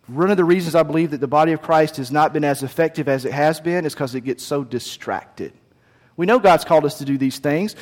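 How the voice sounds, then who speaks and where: A male pastor preaching in a relaxed, folksy way, telling stories and restarting his sentences as he goes. His voice sits a bit higher than most men's. It rings out with a long reverb, as in a church hall. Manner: conversational, folksy storytelling with frequent restarts. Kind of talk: sermon.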